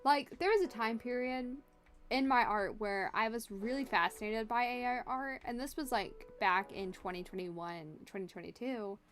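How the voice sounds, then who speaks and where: Drawing live on stream, this woman chats and jokes casually with her audience, wandering between topics and responding to the chat. Her voice sits on the higher side with a fairly bright tone and a normal speed, and soft music plays faintly behind her.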